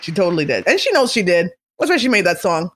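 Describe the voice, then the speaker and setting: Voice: mid-range voice, sing-song, fast talker, a bit bright, slight background noise. A vlogger in a casual, chatty monologue, opinionated and playful, now and then slipping into comic voices. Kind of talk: casual celebrity gossip monologue.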